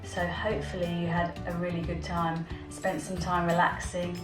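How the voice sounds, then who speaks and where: Female kids yoga teacher, encouraging guide, slightly low voice, distant echoey room sound. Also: monotone, moderate pace, music in the background. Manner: encouraging, guiding children step by step. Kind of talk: online kids yoga lesson.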